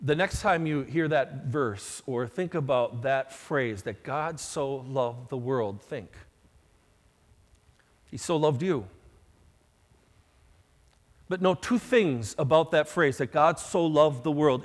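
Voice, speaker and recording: A male pastor preaching a sermon, slow and emphatic, with dramatic rises in loudness. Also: on the high side, expressive. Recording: long hall reverb.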